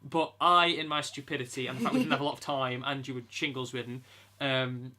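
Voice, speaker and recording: A man's voice: mid-range voice, steady tone, fairly quick, pushed and bright. A man co-hosting a casual video commentary, chatty and self-deprecating.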